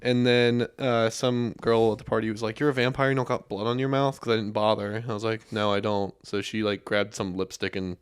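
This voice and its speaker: A man's voice: lowish voice, level tone, a little fast, few pauses, clean tone. A young man, a podcast guest, telling stories in a rambling, casual way with many restarts. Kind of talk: casual chat.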